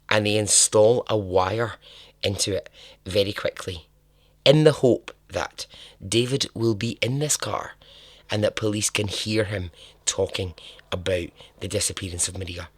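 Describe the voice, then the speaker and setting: Low-voiced man telling a crime story. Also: a bit bright, dry recording, studio quality. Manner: casual and chatty, laughs and swears at the story. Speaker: podcast host.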